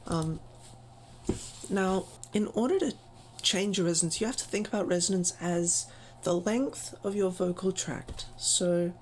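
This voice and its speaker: A woman's voice: on the low side, a little slow, a little hiss or hum, poor audio. A woman giving a casual voice-training tutorial, chatty and self-deprecating, with frequent ums.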